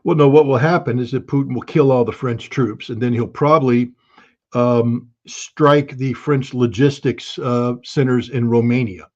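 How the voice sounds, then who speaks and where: A man's voice: mid-range voice, steady tone, normal speed, darkish tone. Brief: a man as a guest analyst, blunt and emphatic, mid-range voice, on muffled lo-fi audio. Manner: blunt, emphatic, bursts of alarm. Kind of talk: interview commentary.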